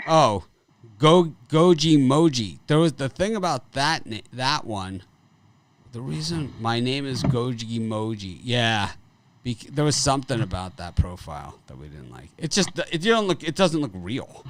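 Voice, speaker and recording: A man's voice: mid-range voice, big pitch swings, unhurried. A man hosting a live sports betting show, talking bluntly and casually with frequent restarts and some swearing. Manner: blunt, profane, rambling with restarts.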